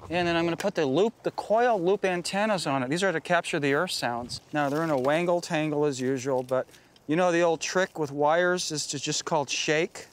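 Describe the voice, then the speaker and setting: Man with a slightly high voice, rambling radio hobbyist, outdoors, faint background hiss. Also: brisk. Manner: rambling, chatty, many fillers and restarts. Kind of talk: casual explaining in the field. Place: outdoors in the desert.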